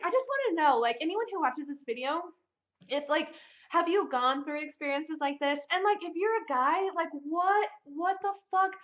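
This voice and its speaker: High-voiced young woman telling a story. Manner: animated, profane, lots of "like". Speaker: vlogger. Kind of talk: casual storytime. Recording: dull lo-fi sound.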